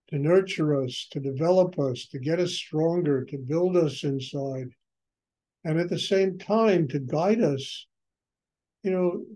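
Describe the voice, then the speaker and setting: An older man speaking as a spiritual teacher, very slow and unhurried. His voice is mellow and dark, sitting a little higher than most men's. He strings out repeated phrases and leans on "you know" as he reflects. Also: rough recording.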